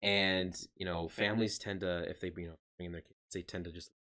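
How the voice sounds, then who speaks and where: A young man co-hosting a casual podcast, telling stories from work in a blunt, relaxed way. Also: low voice, fairly quick. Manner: relaxed storyteller, blunt and swearing. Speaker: podcast co-host. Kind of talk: casual chat.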